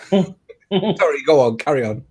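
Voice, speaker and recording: A man's voice: a little high, expressive, slow, darkish tone, slightly rough. A man co-hosting a casual chat, making dry, teasing remarks. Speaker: co-host.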